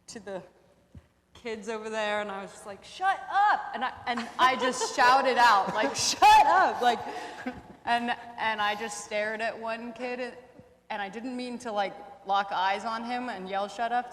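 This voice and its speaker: A woman's voice: a little high, moderate pace. A woman in her twenties, a teacher on an alumni panel, telling stories casually and acting out the lines she quotes. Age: 20s. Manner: lively storyteller who acts out quoted lines. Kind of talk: casual storytelling. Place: campus event room. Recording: echoey hall with faint noise.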